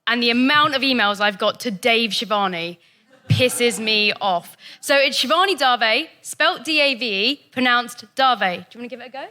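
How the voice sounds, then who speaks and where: A stand-up comic working the crowd in a dry, conversational way on a comedy club stage. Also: female voice, on the high side, moderate pace, sharp tone. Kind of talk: stand-up routine.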